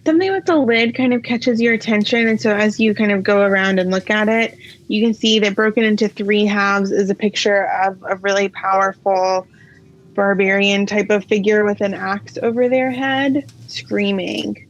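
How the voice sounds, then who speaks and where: A woman running a tabletop game as game master, narrating in a relaxed way with many pauses and fillers. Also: mid-range voice. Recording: slightly dull, faint noise.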